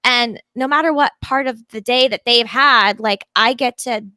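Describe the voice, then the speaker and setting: Lively woman guest, dry sound. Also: fairly high pitch, moderate pace, smooth, no room sound. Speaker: podcast guest. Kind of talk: casual interview talk.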